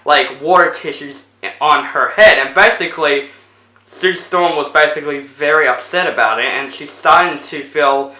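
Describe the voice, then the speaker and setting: A man's voice: fairly high pitch, moderate pace, pushed and bright, roomy sound, low-quality recording. A man casually retelling a movie plot as a reviewer, rambling with lots of fillers. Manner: rambling, full of fillers like 'basically'.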